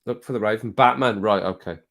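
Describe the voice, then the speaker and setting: A man's voice: fairly low pitch, a little fast, vocal fry, a bit bright. A man chatting casually on a live stream, reading viewer comments aloud and laughing often. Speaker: music reaction streamer.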